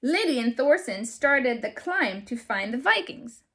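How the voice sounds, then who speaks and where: Animated woman reading a children's story. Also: on the high side, unhurried. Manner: animated and expressive, asks the listener questions. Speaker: author reading her own book. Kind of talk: children's storybook read-aloud.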